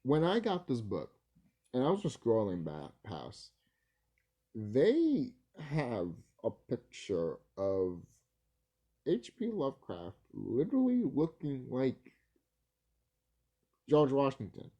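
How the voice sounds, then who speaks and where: A man's voice: mid-range voice, huge pitch swings, slow, pauses often, dark tone. A man vlogging casually, rambling and swearing, laughing easily and stumbling over his words. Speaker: video creator.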